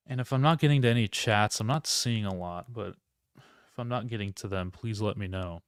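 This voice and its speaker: A man's voice: lowish voice, moderate pace, clear, resonant tone, no echo. A man hosting a live solo sports reaction stream, rambling, interrupting himself and talking to his chat. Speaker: podcast host.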